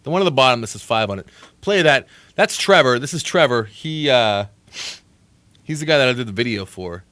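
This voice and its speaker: A male radio host talks from a studio in a lively, sarcastic way at a middle pitch, swearing freely as he jokes with callers and co-hosts. The sound is dry and close, with no room around it. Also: fairly quick, dry recording. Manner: animated, sarcastic, cursing freely. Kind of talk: late-night radio aftershow chat.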